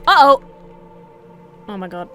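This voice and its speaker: A woman's voice: medium pitch, very animated, measured pace, pushed and bright, soft background music. A woman giving rambling, chatty let's play commentary, talking to herself as she plays. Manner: rambling, chatty self-talk while playing. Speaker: gaming video creator.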